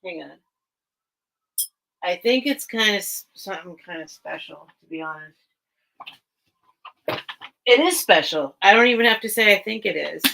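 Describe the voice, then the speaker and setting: A woman's voice: mid-range voice, lively intonation, normal speed, vocal fry, pauses often, pushed and bright, a little hiss or hum, low-quality recording. A woman hosting a casual live sale stream, chatting in a rambling, enthusiastic way. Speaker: online sale host. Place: at home among her collection.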